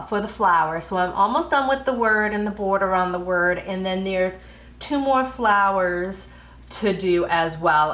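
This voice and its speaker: An American woman hosting a podcast from home, chatting casually in an unhurried, rambling way with many fillers. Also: mid-range voice, a bit bright, reverberant. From United States. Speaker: podcast host. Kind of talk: casual knitting podcast chat.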